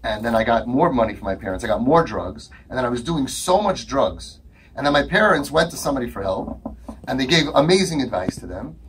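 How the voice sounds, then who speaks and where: A man's voice: medium pitch, expressive, fairly quick, a bit bright, slight background noise, pitched below the performer's own voice, close to an everyday voice. A man voicing a sarcastic young man rambling through his drug-recovery story in a mocking tone.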